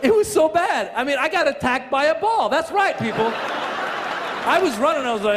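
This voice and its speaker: A man performing a stand-up comedy set, telling stories with animated, acted-out voices on stage. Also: extremely high pitch, quick pace, long reverb tail, a crowd in the background, noisy background. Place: comedy stage before a live audience.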